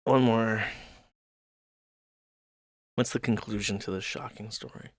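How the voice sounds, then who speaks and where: A man's voice: lowish voice, fairly even intonation, slow pace, no room sound, clean studio sound. A man hosting a live stream, reading out messages and cutting in with crude, sarcastic asides. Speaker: streamer host.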